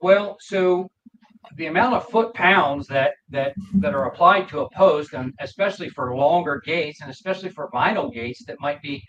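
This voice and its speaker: A man appearing as a guest, explaining his product in a halting way with many restarts over a remote call. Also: a little high, fairly bright tone. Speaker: guest, gate product maker. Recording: distant dull remote line with noise.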